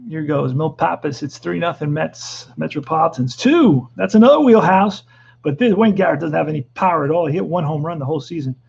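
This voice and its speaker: A middle-aged man doing excitable play-by-play commentary of a tabletop baseball replay, with joking asides. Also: on the high side, fast talker, creaky, few pauses, slightly rough, lo-fi sound.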